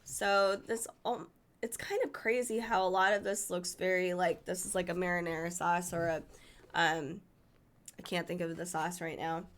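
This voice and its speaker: With a lowish, steady voice that's a bit bright, a woman reviews a cookbook at normal speed by casually leafing through it. She chats with enthusiasm and stumbles on foreign dish names.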